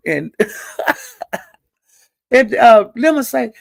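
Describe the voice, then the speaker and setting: A middle-aged woman telling gossip in a chatty, salty way, calling listeners honey and girl and jumping her pitch up high when she quotes people. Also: slow, vocal fry, long pauses, dry recording. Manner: animated, jumps her pitch up high when quoting others. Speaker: online commentator. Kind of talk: casual gossip storytelling.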